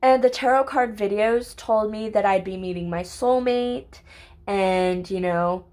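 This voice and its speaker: A young woman telling a casual storytime to her viewers, chatty and full of "like" and "literally", swearing freely and breaking into excited squeals. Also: mid-range voice, unhurried. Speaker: vlogger.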